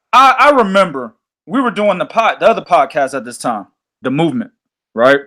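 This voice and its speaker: A man hosting a boxing podcast, ranting in a loose, profane, animated way. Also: fairly high pitch, moderate pace. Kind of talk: casual podcast chat.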